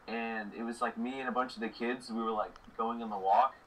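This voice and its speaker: Excited young man in casual chat. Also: medium pitch, brisk, a little hiss or hum, low-quality recording. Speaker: podcast co-host.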